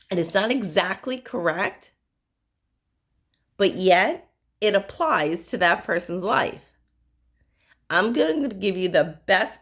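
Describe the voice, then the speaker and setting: A woman psychic medium giving spiritual advice to her viewers, telling stories in an earnest, direct way. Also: medium pitch. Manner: earnest, storytelling, direct address.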